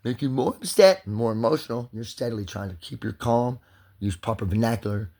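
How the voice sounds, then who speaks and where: A man's voice: medium pitch, fairly quick, warm tone. A man venting angrily in a rambling, profane monologue to his channel. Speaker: vlogger.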